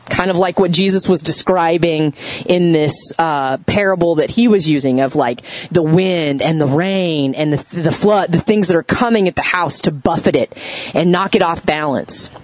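A woman pastor giving a sermon, telling a story in a conversational, animated way and asking the audience questions. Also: sits low, moderate pace, no echo, low-quality recording.

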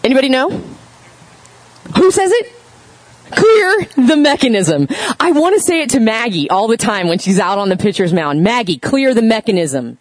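A woman pastor giving a sermon, telling a story in a conversational, animated way and asking the audience questions. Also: on the high side, brisk, low-quality recording.

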